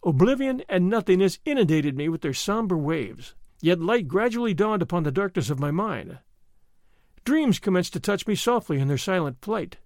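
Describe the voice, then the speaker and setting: A man reading a first-person story aloud as an audiobook narrator, with expressive storytelling. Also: sits high, moderate pace, no room sound, clean studio sound. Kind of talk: scripted narration.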